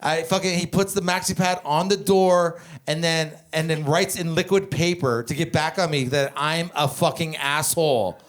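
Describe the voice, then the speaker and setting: A man in his twenties from Canada doing stand-up, telling family stories in a profane, animated, rambling way. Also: a little high, moderate pace, hardly any pauses. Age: 20s. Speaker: stand-up comedian. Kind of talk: stand-up comedy storytelling.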